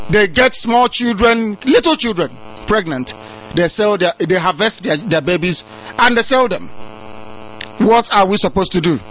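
A man's voice: sits high, a bit bright. A man hosting a call-in radio show, emphatic and fond of repeating himself. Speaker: radio host. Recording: slightly dull lo-fi sound.

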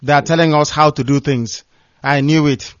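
Speaking with impassioned force and repeating words to drive points home, this radio host has a slightly high voice with a steady tone and a moderate pace. His call-in show comes through in dull, dry lo-fi sound without any echo.

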